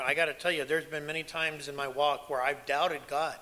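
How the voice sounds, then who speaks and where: A man preaching with a bright, forceful voice that sits a little high for a man. He tells his stories with emphasis, dropping to a hush and then pushing back up. The delivery is that of a pastor working a sermon. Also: fairly even intonation, normal speed, hardly any pauses. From United States. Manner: emphatic storytelling, dropping to a hush and rising loud. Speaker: pastor and former missionary.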